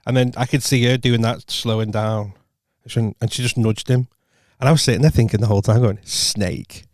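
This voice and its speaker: Man telling lively pub-style anecdotes. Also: mid-range voice, a little fast, no room sound, clean studio sound. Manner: animated anecdotes, acts out quotes, swears freely. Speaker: podcast co-host. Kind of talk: casual chat, storytelling.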